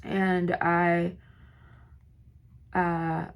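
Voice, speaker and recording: Woman doing her makeup on camera, kinda hoarse, lots of likes and restarts, low-ish voice. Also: monotone, very slow. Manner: rambling, filler-heavy storytelling. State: slightly hoarse. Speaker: vlogger. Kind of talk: get-ready-with-me storytime.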